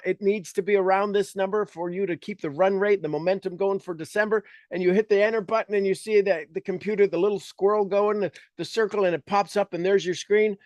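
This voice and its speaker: A man's voice: high-pitched, no room sound, studio quality. A man leading an online coaching session, guiding listeners through a visualization with coaxing instructions and acted-out reactions. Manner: energetic, coaxing, acts out reactions. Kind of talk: guided visualization workshop. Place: online video call session.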